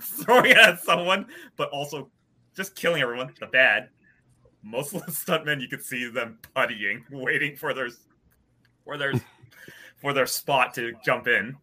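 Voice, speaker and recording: A man in casual movie discussion, animated and laughing as he talks. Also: mid-range voice, normal speed. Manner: animated, laughs while talking. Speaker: podcast panelist.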